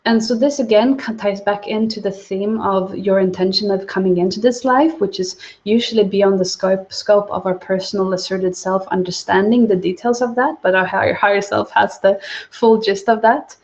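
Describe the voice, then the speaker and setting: A woman giving a livestreamed spiritual teaching talk, soft-spoken and calm. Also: mid-range voice, moderate pace. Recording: dull lo-fi livestream audio.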